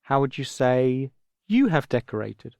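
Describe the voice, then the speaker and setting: An English-accented man leads a children's audio lesson, patient and gentle as he explains each step. His pitch rises and falls in a lively, sing-song way. The recording is dry and close, with no room sound. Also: unhurried, vocal fry, no room sound. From England. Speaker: language teacher.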